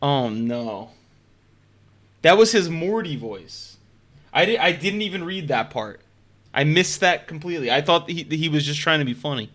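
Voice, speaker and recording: A man gives casual reaction commentary on a stream, joking and swearing freely. His voice is bright, a little higher than usual, with a lively pitch. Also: moderate pace. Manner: joking, swearing, laughing often.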